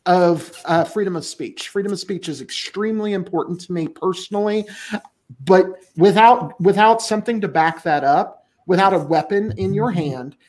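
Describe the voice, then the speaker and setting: A man's voice: high voice, normal speed, a little mellow. A man co-hosting a casual political podcast, talking bluntly and emphatically with frequent swearing. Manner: blunt, profane, emphatic, laughs often. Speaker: podcast co-host.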